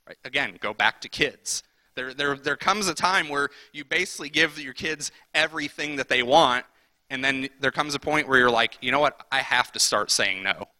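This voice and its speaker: A man preaching a sermon in a conversational way, acting out the people in the story with quick voices. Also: medium pitch, sharp tone, no room sound. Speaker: pastor.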